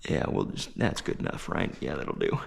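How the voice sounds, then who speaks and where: A man's voice: extremely low pitch, sing-song, normal speed, creaky, a little hiss or hum. A man talking casually while working in his garage, muttering and swearing under his breath, recorded on a head-mounted action camera. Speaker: DIY mechanic vlogger. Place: home garage workshop.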